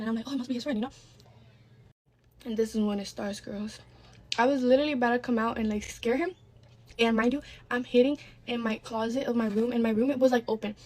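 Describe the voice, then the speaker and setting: A woman's voice: on the high side, darkish tone. A woman telling a candid storytime in casual chat, rambling with asides and swearing freely.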